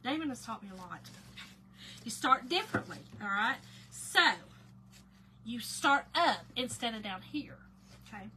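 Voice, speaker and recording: A woman hosts a live craft stream, chatting to viewers in an unhurried drawl on a fairly high voice. She greets people by name, then trails off into quiet mutters as she works. Steady background noise sits under her voice. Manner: chatty, warm greetings to chat viewers, often drops to quiet mutters while concentrating. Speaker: craft livestream host.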